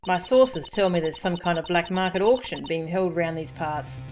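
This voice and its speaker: Folksy drawling gal photographer, brash, slightly low voice, game dialogue read by a woman streamer. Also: expressive, normal speed, darkish tone, soft background music, natural voice. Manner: folksy, drawling country talk.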